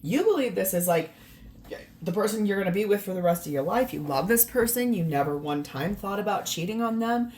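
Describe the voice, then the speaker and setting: A woman's voice: medium pitch, lively intonation, a little fast, darkish tone, a little hiss or hum. A woman giving a casual tarot reading to camera, emphatic and exasperated, often repeating words for stress. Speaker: tarot reader.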